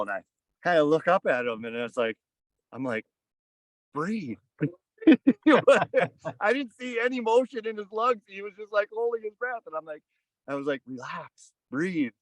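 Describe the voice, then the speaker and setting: A man guest on a podcast telling a story casually, rambling with many fillers and hushing his voice for quoted asides. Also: mid-range voice, no room sound, rough recording. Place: outdoors on a fishing boat.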